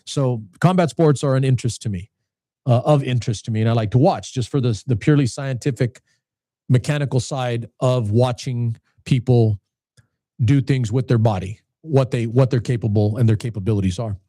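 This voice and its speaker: Host in his late fifties, casual and meandering, with a warm low-key tone and a dry sound. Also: moderate pace, no echo. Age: 50s. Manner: rambling, many restarts and repeated words. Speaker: channel host. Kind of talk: casual talk to camera.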